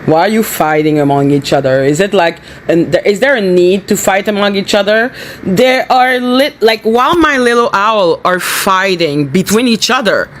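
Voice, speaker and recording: A woman with a medium-pitched, animated voice hosts a live stream at a moderate pace, with slight background noise. She angrily scolds her chat moderators, swearing heavily as she tears into them.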